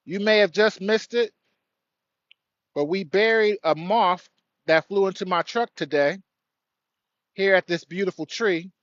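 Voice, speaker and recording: A man's voice: high voice, unhurried, long pauses, fairly bright tone, no echo, highs cut off. A man hosting an outdoor spiritual livestream, speaking earnestly and greeting viewers by name. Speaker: livestream host. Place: outdoors by a tree.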